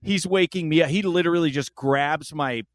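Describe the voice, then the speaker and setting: A man with a slightly high voice hosts a podcast at a normal pace, chatting casually and bringing his stories to life with acted-out voices. No room sound is audible.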